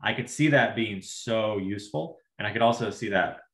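A man, a social worker, talking through his thoughts in a casual podcast conversation, halting and restarting his sentences. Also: on the low side, a bit bright, echoey room.

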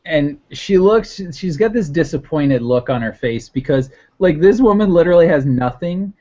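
A man's voice: on the high side, animated, moderate pace, mellow. A man narrating a tabletop game as game master, hesitant and laughing often, heard on a muffled lo-fi recording.

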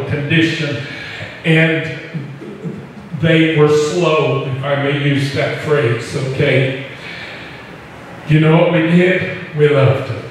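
A man's voice: fairly high pitch, fairly bright tone, slight background noise. A male pastor preaching in a folksy, conversational way, with frequent asides to the congregation. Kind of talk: sermon. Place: church hall. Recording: echoey hall, distant mic.

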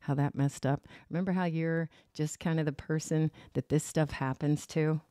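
Woman doing a low, gloomy naysayer. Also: steady tone, moderate pace, mellow, no room sound, clean studio sound, lightly acted. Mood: belittling. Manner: nagging, belittling.

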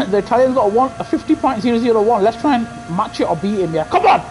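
Excitable male sim-racing streamer. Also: extremely high pitch, fast talker, background noise. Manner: excitable, loud frustrated outbursts, chats to viewers. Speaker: live gaming streamer. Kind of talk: live sim-racing commentary. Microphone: gaming headset.

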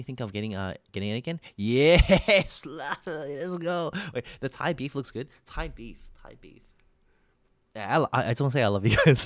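A man's voice: medium pitch, no echo. An Australian man live streaming, chatting casually and rambling through a sponsored ad with frequent laughs and self-corrections.

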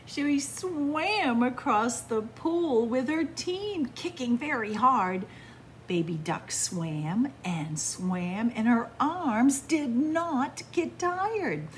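A woman children's librarian reading a picture book aloud, in a slow, animated storytelling manner. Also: sits high, a little hiss or hum.

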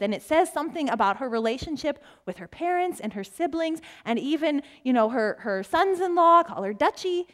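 A middle-aged woman pastor giving a sermon in a church, telling family stories in a conversational way and asking rhetorical questions. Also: high voice. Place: church sanctuary.

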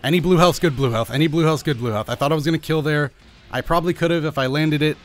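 A young man giving live commentary over his own fighting-game match, anxious and pleading with himself, his pitch jumping up and down. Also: quick pace. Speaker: gaming channel host. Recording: faint music behind.

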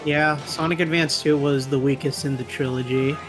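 A man's voice: a little high, fairly even intonation, moderate pace, soft background music. A man guesting on a gaming stream, giving brief, easygoing replies in casual chat. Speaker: co-player guest.

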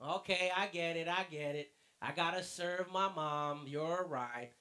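A man's voice: on the high side, bright, forceful tone. A man playing an earnest young nephew. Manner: earnest, quick to agree. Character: eager, agreeable young nephew.

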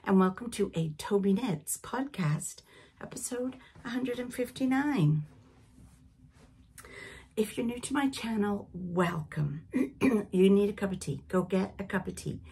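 A woman's voice: medium pitch, lively intonation, unhurried, creaky, mellow, slight background noise. A middle-aged woman from Britain with a Canadian-sounding accent, hosting a knitting podcast in a rambling, chatty way that drifts off on tangents. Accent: Canadian-sounding English. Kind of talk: casual chat.

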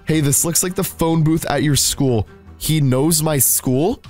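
A young man in his late teens giving anxious, excitable gameplay commentary and talking straight to his viewers. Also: fairly high pitch, unhurried, soft background music. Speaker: gaming YouTuber.

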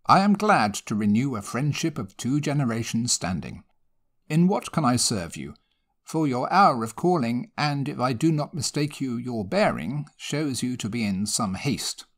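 A man's voice: mid-range voice, big pitch swings, moderate pace. A man voicing an impatient, commanding country squire who speaks brusquely.

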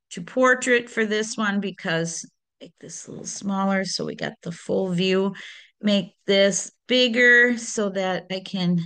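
A woman with a fairly low voice hosts a craft tutorial and talks through each step as she works on screen. She thinks aloud in a relaxed, unhurried way. When she slips she fixes it lightly and carries on. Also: clear, resonant tone. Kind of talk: screen-recorded software tutorial.

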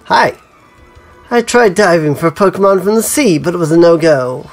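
A man's voice: sits high, animated, moderate pace, soft background music. A man giving casual gameplay commentary as a let's play host, musing to himself with frequent ums.

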